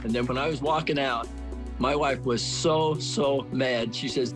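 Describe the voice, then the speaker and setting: A man's voice: mid-range voice, fairly even intonation, measured pace, rough recording. A man in his seventies telling a story in a plain, folksy way during a documentary interview. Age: 70s. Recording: faint music underneath. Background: faint music.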